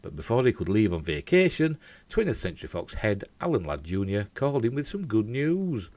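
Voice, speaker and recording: A man with a Yorkshire accent reads entertainment news in a lively voice that swings up and down. His voice sits low, and the recording is close and dry. He breaks in now and then with jokey asides. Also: normal speed, dry recording. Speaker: host.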